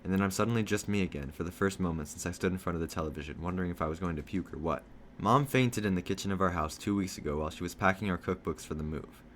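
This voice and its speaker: Low-voiced guy reading a book out loud, talks fast, steady. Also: a little hiss or hum. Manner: steady first-person storytelling. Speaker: reader. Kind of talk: reading a novel aloud.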